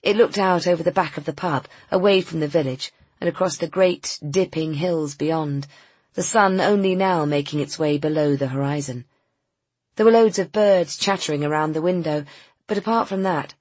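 Low husky woman reading a novel. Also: a little mellow, dry recording. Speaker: narrator. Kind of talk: audiobook narration.

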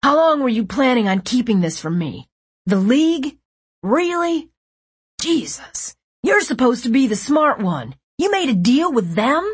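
Woman voicing a raspy, furious young man. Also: high-pitched, slow, no echo, exaggerated voice. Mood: angry. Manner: accusing, loud and strained. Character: furious, hoarse young man confronting his friend.

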